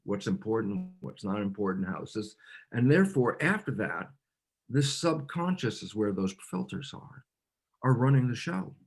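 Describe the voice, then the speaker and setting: A man, a cell biologist, explaining ideas in an interview as an animated storyteller, with frequent restarts and filler words. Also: on the low side, moderate pace, vocal fry, husky.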